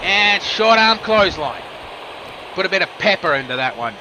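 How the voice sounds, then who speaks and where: A man's voice: high voice, big pitch swings, noisy background. Man calling wrestling play-by-play. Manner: rapid move-by-move calling with casual asides. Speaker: wrestling commentator. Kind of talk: play-by-play commentary.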